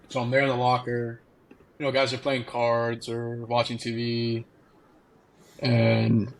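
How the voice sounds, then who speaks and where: A young man spins a story in relaxed podcast chat, breaking into laughter as he goes. His voice sits at an ordinary middle pitch. A faint noise hangs under the recording. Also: low-quality recording. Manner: laughing, animated anecdote telling. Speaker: podcast guest. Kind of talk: casual storytelling.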